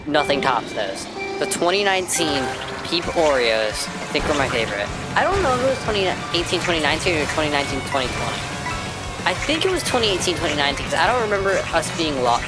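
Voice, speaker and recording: An American woman streamer in casual live-stream chat while gaming, ranting excitably and swearing freely. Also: low-pitched. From United States.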